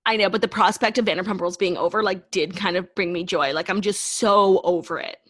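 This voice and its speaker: A woman's voice: on the low side, fairly quick, fairly bright tone. A woman co-hosting a casual pop-culture podcast, chatting with many "like"s. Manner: talkative, says "like" a lot. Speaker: podcast co-host.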